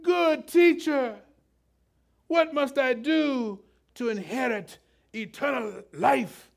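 An earnest rich young man speaks in a plummy put-on British accent, as a preacher acts him out. His voice rides high and his words come slow and drawn out. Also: gravelly, heavily acted.

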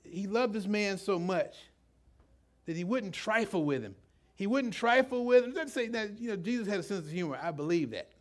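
Middle-aged male preacher, sermon, fairly high voice, chatty, halting, lots of asides. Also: expressive. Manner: conversational, halting with many restarts and asides. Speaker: pastor.

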